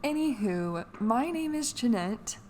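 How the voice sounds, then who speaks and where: A woman's voice: a little high, animated, unhurried, a little mellow, slight background noise. Giggly rambling young woman. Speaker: podcast co-host. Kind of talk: casual chat.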